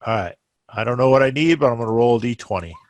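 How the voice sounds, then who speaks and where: A man playing in a tabletop game, describing his moves in an animated way. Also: mid-range voice, quick pace, no echo. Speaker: player.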